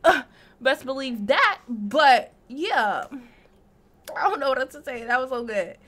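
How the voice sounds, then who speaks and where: A woman in her twenties hosting a casual reaction vlog from a room at home with a green screen, talking excitedly and repeating herself as she gushes. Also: high voice, measured pace. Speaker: reaction channel host.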